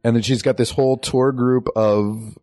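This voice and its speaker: A man with a warm, mellow voice co-hosting a film podcast, recorded dry and close to the mic. He talks in an easygoing way, asking questions and offering bits of film trivia. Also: medium pitch, steady tone, moderate pace, no echo. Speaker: podcast co-host. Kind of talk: casual movie podcast chat.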